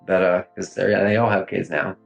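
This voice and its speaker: Grieving man, thirties, lowish voice, halting speech full of fillers, faint music underneath. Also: flat delivery, gravelly, poor audio. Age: 30s. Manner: halting, grief-stricken, many fillers and trailing pauses. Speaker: interviewee. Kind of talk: recorded police interview.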